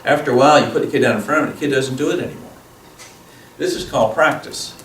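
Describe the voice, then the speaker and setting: A man's voice: mid-range voice, quick pace, a bit bright. A man giving a plain-spoken teaching talk as guest speaker at a parenting seminar, often acting out little dialogues between parent and child. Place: school event room. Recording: echoey room, voice from far off, noisy.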